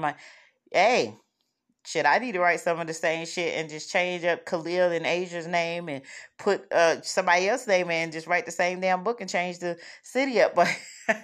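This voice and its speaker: A woman author hosting her own podcast, talking bluntly and profanely in a casual monologue, acting out quoted voices as she goes. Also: on the low side. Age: adult with kids. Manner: blunt, profane, animated storytelling with quoted asides. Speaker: podcast host and self-published author.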